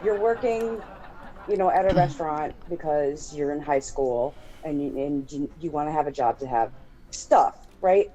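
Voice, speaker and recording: A woman hosting a casual live stream chat, telling stories in an animated way and laughing often. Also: sits low, normal speed, low-quality recording. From dad from Texas. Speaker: host.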